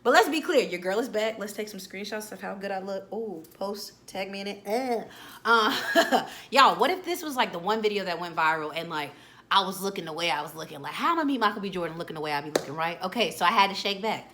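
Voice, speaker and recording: A woman's voice: mid-range voice, brisk, pushed and bright. A woman in her late twenties talking candidly and chattily to her viewers in a casual motivational vlog. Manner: candid, chatty, addresses viewers directly as "y'all". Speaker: vlogger, motivational talk host. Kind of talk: casual motivational talk to camera.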